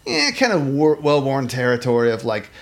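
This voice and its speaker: A man's voice: medium pitch, fairly quick. A man talking casually about a film on a podcast, rambling with many restarts and acting out lines in voices. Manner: animated, rambling, many restarts and fillers, acts out quotes. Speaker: podcast co-host.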